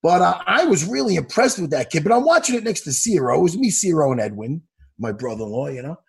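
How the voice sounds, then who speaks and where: A man, animated and profane, chatting casually on a video call and laughing often. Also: fairly high pitch, quick pace, vocal fry, slightly rough. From Long Island, New York. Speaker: podcast co-host. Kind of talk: casual chat.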